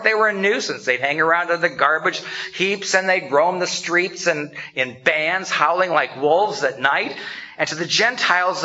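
A male pastor delivers a sermon in a bright, fairly high voice that swings widely in pitch. He talks conversationally and acts out the lines he quotes. The recording is dull and lo-fi. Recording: dull lo-fi sound.

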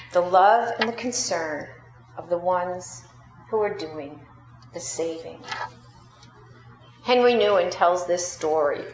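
A woman preacher delivering a sermon, telling a story slowly and deliberately, rising and dropping for emphasis. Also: fairly low pitch, a little hiss or hum. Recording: roomy, dull sound with faint ambience.

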